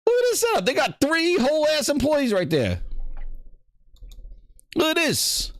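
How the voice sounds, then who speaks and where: A man's voice: very high voice, huge pitch swings, unhurried, no echo. A man hosting a gaming show, riffing in a profane, mocking, rambling way as casual reaction commentary.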